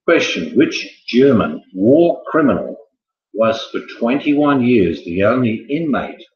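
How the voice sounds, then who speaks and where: A man's voice: on the low side, lively intonation, slow pace. A man hosting a casual quiz, joking and wandering off into chatty asides. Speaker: quiz host. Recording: echoey, muffled room sound.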